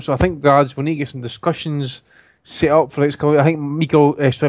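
A man's voice: mid-range voice, dry recording. A man hosts a casual chat show, blunt and cheeky, dropping swear words as he banters with his co-hosts. His voice sits mid-range and sounds dry and close. The audio is dull and lo-fi. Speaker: podcast host.

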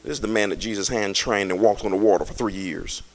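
A male pastor preaching a sermon in a colloquial, joking way, swinging from quiet talk to shouting. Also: on the low side, fast. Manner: colloquial, jokes with the congregation.

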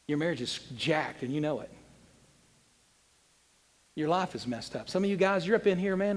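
Animated preacher in a reverberant hall. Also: male voice, fairly high pitch, a little fast. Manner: animated, swings between loud emphasis and quiet asides. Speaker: pastor. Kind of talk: sermon. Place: church sanctuary.

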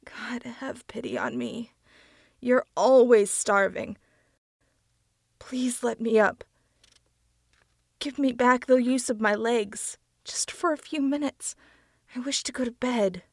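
Tormented young man, read by a woman, pleading, bitter, slow, gravelly. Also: a little high, dry recording, studio quality, voice pushed up.

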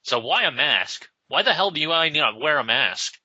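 A man reading aloud and voicing a cocky, questioning teenage boy sidekick, a bit higher than his own voice. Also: sing-song, moderate pace, pushed and bright, breathy edge, dry recording, full character voice. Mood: incredulous. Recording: slightly dull lo-fi sound.

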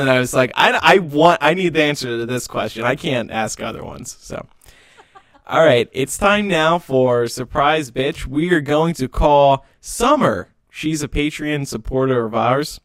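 A man's voice: a little high, animated, moderate pace, fairly bright tone, no echo. A young man hosting a casual podcast, joking and laughing often. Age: young adult. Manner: giggly, joking. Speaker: podcast host.

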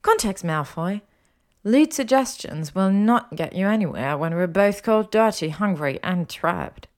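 A woman's voice: medium pitch, expressive, unhurried, pitched above the performer's own voice, close to an everyday voice. A woman reading the part of a clever young witch, voicing her in a raised, pointed and insistent manner. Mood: testy. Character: sharp, clever young witch, curious and testy. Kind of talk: audiobook character voice.

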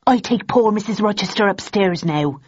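A woman's voice: mid-range voice, animated, normal speed, darkish tone, breathy edge, voice pushed up. A woman voicing a stern, aggressive woman servant who speaks in a curt, matter-of-fact hiss, in slightly dull lo-fi audio.

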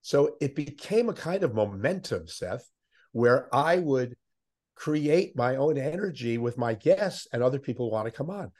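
An older man, a veteran sports interviewer, telling animated anecdotes as a podcast guest. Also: medium pitch, a little slow. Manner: animated anecdotes, puts on voices of others. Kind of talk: conversational storytelling.

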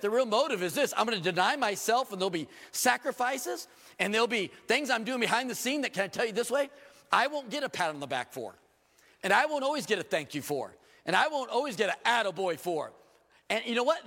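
A man with a twang preaches from the pulpit, his somewhat high voice ringing through a church sanctuary with a long echo. He keeps asking the congregation questions and pokes fun at himself as he goes. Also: brisk, creaky. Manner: animated preaching with rhetorical questions and self-deprecating humor. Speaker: pastor. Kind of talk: sermon. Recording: long reverb of a church hall.

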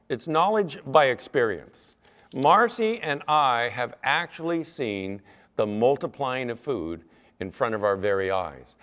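A middle-aged man preaching a sermon, telling stories in a conversational way with asides to the congregation. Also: medium pitch. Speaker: pastor. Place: church sanctuary. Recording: long hall reverb.

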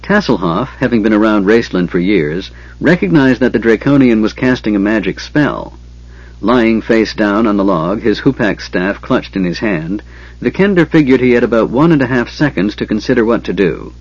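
A man narrating an audiobook with steady, measured storytelling. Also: on the low side, breathy edge, no echo, lo-fi sound.

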